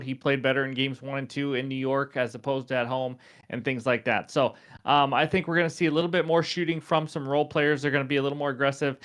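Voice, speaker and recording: A man's voice: medium pitch, a bit bright, smooth. A young man hosting a sports betting picks show, chatty and self-deprecating with frequent fillers.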